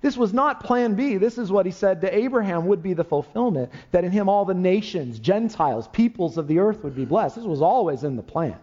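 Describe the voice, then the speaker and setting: A man's voice: high-pitched, lively intonation, fairly quick, hardly any pauses, a little mellow, highs cut off. A man preaching a sermon as pastor, impassioned and building to emphatic peaks.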